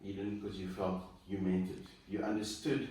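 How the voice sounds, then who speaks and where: Speaking directly to a couple ahead of their wedding, a man acting as celebrant offers sincere coaching in a low, mellow voice with flat delivery at a moderate pace. The sound is echoey and faintly noisy, picked up from a distance.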